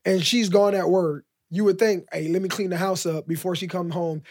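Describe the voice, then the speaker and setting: A man's voice: sits high, steady tone, normal speed, a little mellow. A man co-hosting a podcast in casual chat, rambling and filling his talk with "like" as he acts out little exchanges. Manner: rambling, heavy use of "like", acts out quoted exchanges. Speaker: podcast co-host.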